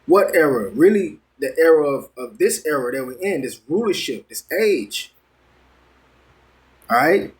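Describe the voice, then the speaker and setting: A man's voice: on the high side, sing-song, unhurried. A man preaching a sermon, reading news and scripture aloud and commenting on it. He talks conversationally, stumbles over words and keeps checking in with his listeners. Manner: conversational, checks in with "all right?" constantly.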